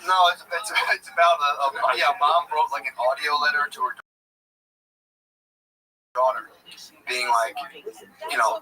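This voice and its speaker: A man's voice: medium pitch, steady tone, normal speed, pauses often, a crowd in the background. Rambling, profane man, far from the mic. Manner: rambling, profane, mocks others by imitation. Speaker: podcast co-host. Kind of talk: casual chat.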